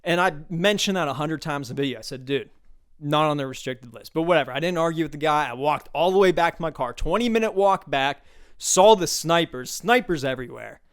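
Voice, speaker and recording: A man's voice: fairly high pitch, animated, a little fast, a bit bright. A man hosting his own talk show, telling a casual, profane story and mimicking people he met along the way. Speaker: podcast host. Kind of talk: casual solo monologue.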